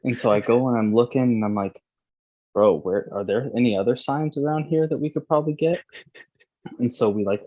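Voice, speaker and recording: A man's voice: lowish voice, dull audio. A young man casually telling a long, profane, rambling story as a podcast host.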